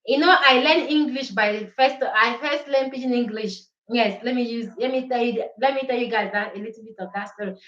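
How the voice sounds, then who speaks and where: A woman's voice: on the high side, brisk, few pauses, fairly bright tone, reverberant, highs cut off. A Nigerian woman whose first language is Igbo, hosting a casual live-stream chat and mixing English, Pidgin and Italian in a chatty way.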